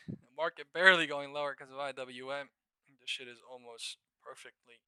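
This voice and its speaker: A man live-streaming stock trading, talking to his viewers in a loose, profane, excitable way. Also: mid-range voice, brisk, clean tone, no room sound. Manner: profane, excitable, laughs and shouts at market moves. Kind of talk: live-stream market commentary.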